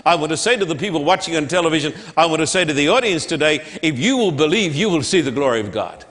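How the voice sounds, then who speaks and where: A man's voice: a little high, expressive, fast talker, a bit bright. A man preaching a sermon in church, with an emphatic, repetitive cadence. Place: church sanctuary. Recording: long hall reverb.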